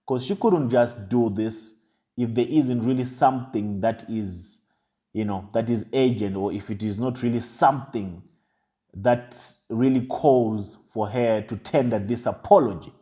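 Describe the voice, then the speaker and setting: A man giving an impassioned, deliberate commentary monologue. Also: mid-range voice, dark tone. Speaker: online commentator.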